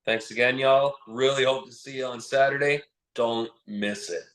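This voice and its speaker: A man's voice: mid-range voice, steady tone, normal speed, a bit bright, echoey room, rough recording. A man from Canada, a professional wrestler as a podcast guest, speaking in an earnest, heartfelt way and saying "y'all". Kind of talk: casual interview chat.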